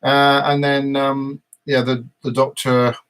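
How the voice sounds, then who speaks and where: A man hosts a casual live podcast, with a mid-range voice. He meanders through the plot, pausing and circling back often. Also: medium pitch, level tone, fairly bright tone, smooth. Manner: meandering episode recap, frequent hesitations. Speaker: podcast host.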